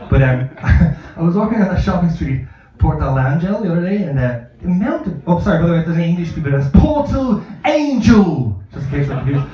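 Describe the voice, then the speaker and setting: A man's voice: on the high side, big pitch swings, a little fast, hardly any pauses. A man doing a stand-up comedy set, telling rambling, profane, self-mocking stories. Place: comedy club in Barcelona. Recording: echoey, dull live club recording.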